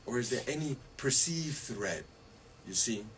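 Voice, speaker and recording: A man's voice: medium pitch, lively intonation, a little slow, fairly bright tone, a little hiss or hum, low-quality recording. A man as a radio guest, chatting casually about stress and wellness, laughing often and asking "you see?".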